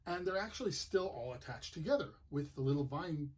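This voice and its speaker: A man's voice: fairly high pitch, lively intonation, fairly quick, darkish tone, husky. A man from Manitoba hosting a gardening channel, talking in a chatty, plainspoken way and telling stories. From Manitoba, Canada. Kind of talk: casual explanatory vlog.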